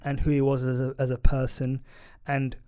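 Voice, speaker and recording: A man's voice: mid-range voice, moderate pace, smooth. A man, co-hosting a casual TV review chat and retelling scenes animatedly. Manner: animated storytelling, recounts scenes with laughs. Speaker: podcast co-host.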